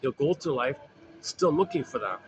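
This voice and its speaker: A man's voice: medium pitch, animated, normal speed, background noise. A man lecturing informally on psychology, rambling and repeating phrases with frequent fillers. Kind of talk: informal recorded talk.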